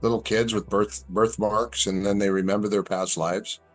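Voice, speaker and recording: A man's voice: on the low side, normal speed, soft background music. A middle-aged man telling stories in a casual chat, acting out the lines people said to him. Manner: animated storyteller, acts out quoted lines. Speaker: guest.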